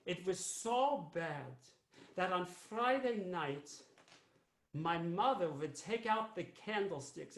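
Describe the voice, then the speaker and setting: A man playing an elderly Jewish immigrant grandmother, a fussy, rambling storyteller who keeps repeating herself. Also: high-pitched. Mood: somber. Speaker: cantor. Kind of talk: live character monologue. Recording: roomy echo.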